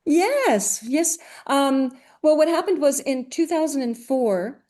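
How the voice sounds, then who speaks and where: A woman's voice: high-pitched, big pitch swings, slow, dark tone. A middle-aged woman from Greece, a voice actress telling stories in a casual interview, chatty with many restarts and fillers. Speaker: guest, voice actress.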